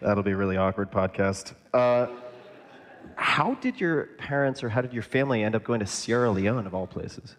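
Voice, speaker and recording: A man hosting a podcast, asking questions in an unhurried, playful way. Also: lowish voice, lively intonation. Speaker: podcast host. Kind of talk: casual interview chat.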